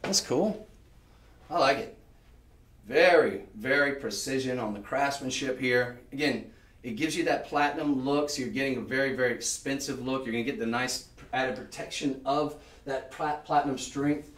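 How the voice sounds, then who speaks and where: A man hosting a live shopping show, chatting on and piling up descriptive words as he pitches. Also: normal speed, a bit bright, distant mic. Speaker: shopping channel host. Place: shopping channel studio. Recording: roomy sound, voice off-mic.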